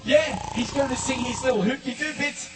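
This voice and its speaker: A man's voice: extremely high pitch, brisk. A man entertaining children on stage at a live concert, playfully talking to the audience. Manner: playful, exclaiming to kids. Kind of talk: live show patter to audience. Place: concert auditorium. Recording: echoey live hall, distant, loud music.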